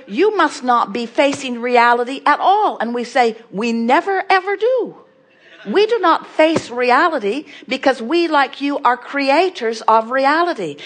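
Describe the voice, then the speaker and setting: A woman with a somewhat high voice delivers an inspirational talk to an audience. She hammers home her points by repeating phrases and asking rhetorical questions. She refers to herself as "we" throughout. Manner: speaks of herself as "we". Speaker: inspirational speaker.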